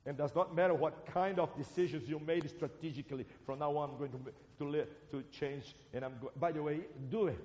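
A Brazilian-accented man preaches a sermon in a fairly high voice. He is animated, rising loud and dropping soft. His voice rings through a roomy hall with long reverb. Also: brisk, few pauses. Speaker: preacher and seminary teacher.

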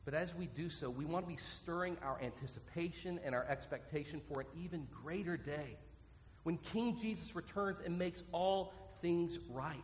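A man preaching a sermon as pastor, earnest and repeating his key points slowly so listeners can write them down. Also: a little high, slight background noise. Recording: long reverb from a large hall.

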